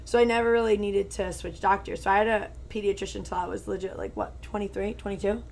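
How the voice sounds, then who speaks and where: A woman's voice: medium pitch, flat delivery, fast, gravelly. Chatty young woman, faint background hum. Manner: chatty storytelling, full of "like" fillers. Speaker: podcast co-host. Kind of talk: casual chat.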